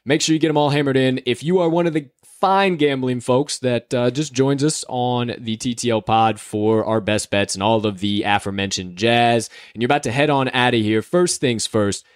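A man's voice: medium pitch, a little fast, hardly any pauses, no echo, studio quality. A young man from the Chicago area hosting a sports betting podcast in a casual, upbeat, hype-filled way. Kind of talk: casual chat.

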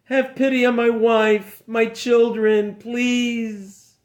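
A man's voice: very high-pitched, level tone, slow, pitched above the performer's own voice. A man doing a terrified, pleading innkeeper. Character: terrified poor male innkeeper.

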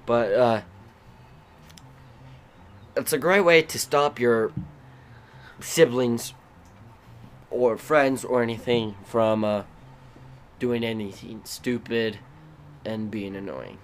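A man hosting a podcast, telling rambling, animated stories about his family. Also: mid-range voice, takes it slowly, long pauses. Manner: rambling, animated, bursts into loud acted shrieks. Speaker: podcast host. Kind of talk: casual storytelling.

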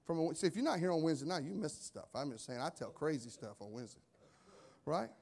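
A male pastor preaching a sermon, swinging from soft asides to loud emphatic lines and repeating phrases for effect. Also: fairly high pitch, expressive, quick pace. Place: church sanctuary.

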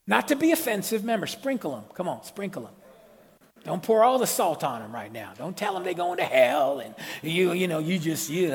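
A middle-aged man preaching a sermon as pastor, lively and conversational, with slang and call-outs to the congregation. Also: high voice, vocal fry, slightly rough. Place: church hall. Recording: long hall reverb.

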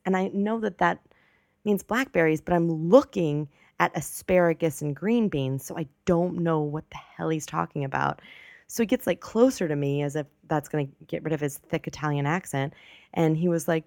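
A woman's voice: low voice, normal speed, gravelly, no echo, studio quality. A woman in her twenties hosting a podcast, telling a story in a rambling, chatty way that keeps correcting itself. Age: 20s. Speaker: podcast host. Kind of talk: casual storytelling monologue.

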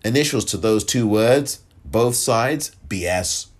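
A man hosting a podcast, delivering a sarcastic, animated political commentary monologue and repeating phrases for effect. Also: fairly low pitch, takes it slowly. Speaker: podcast host. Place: lives in California.

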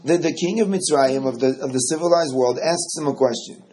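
A man teaching a Torah study class, animated and often repeating words as he explains. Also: a little high, fairly quick, slight background noise.

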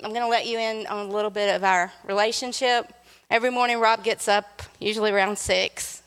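A woman's voice: medium pitch, fairly even intonation, a little fast, a bit bright, smooth. A woman guest preacher giving a sermon in a church, playful and joking with the congregation. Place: church sanctuary. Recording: long hall reverb.

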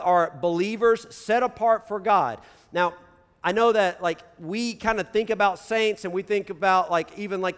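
Fast-talking pastor, high voice. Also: male voice, clean tone. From United States. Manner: talks very fast, crams ideas together; casual, peppered with "right?". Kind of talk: conversational sermon. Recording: long reverb of a large hall.

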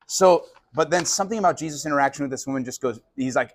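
A man preaching a conversational sermon as a pastor, animated and casual, sometimes acting out voices of the people he talks about. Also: medium pitch, fast, hardly any pauses. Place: live sermon at a college venue.

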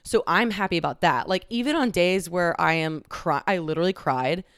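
A woman's voice: fairly low pitch, lively intonation, moderate pace, clear, resonant tone, dry recording, studio quality. Candid young woman talking into a mic. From Dallas-Fort Worth area, Texas. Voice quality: frequent "like" fillers, candid and swearing. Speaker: podcast host. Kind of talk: casual solo podcast monologue. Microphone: close studio microphone.

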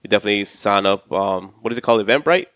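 Fast-talking New man, low voice. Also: lively intonation, fairly bright tone, no echo, clean studio sound. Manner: rambling, repeats himself, lots of fillers. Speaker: podcast co-host. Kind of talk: casual chat.

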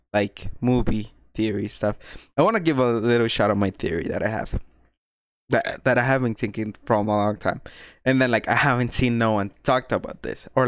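A man co-hosting a podcast, chatting casually and haltingly, with many restarts and "like"s. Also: medium pitch, no room sound, studio quality. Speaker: podcast co-host. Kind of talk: casual chat.

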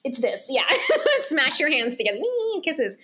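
A woman with a slightly high voice talks through a book plot in loose, casual podcast chat. She rambles with plenty of fillers and slips into quick acted lines of dialogue as she goes. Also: animated, heavy background noise. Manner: rambling, filler-heavy, acts out character lines. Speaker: podcast co-host.

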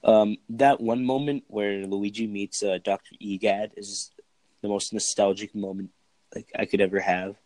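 A man with a slightly low voice chats casually, rambling through filler words and cursing freely. The sound is dry and close, with no room around it. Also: fairly even intonation, moderate pace, a little mellow, no room sound. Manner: rambling, filler-heavy, profane. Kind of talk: casual chat.

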